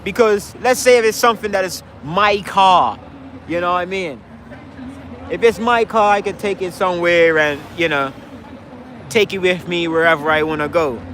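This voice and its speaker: A man holds forth outdoors in a heated, rhetorical street speech, throwing challenges at the crowd. His voice sits high and bright, pressing hard on every point. Faint traffic hums in the background. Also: normal speed. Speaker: street speaker. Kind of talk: impassioned street debate speech. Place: outdoors in a city park.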